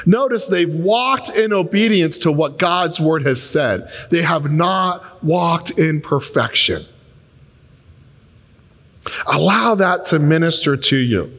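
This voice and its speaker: A pastor delivers a sermon in a somewhat high voice, his words ringing with the long reverb of a large church hall. He tells stories animatedly, jumping between voices as he acts out little conversations. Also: lively intonation, fairly bright tone. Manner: storytelling, plays both sides of conversations in quick voices. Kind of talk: sermon with acted-out dialogue.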